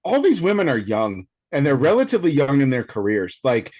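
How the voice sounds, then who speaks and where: A man's voice: mid-range voice, huge pitch swings, brisk, darkish tone. A man co-hosting a casual film podcast, talking chattily with many fillers and restarts. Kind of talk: casual chat.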